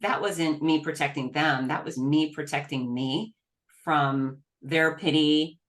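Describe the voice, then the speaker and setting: Low-voiced earnest woman guest. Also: fairly even intonation. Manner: earnest, emphatic, quick restarts. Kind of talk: candid interview talk.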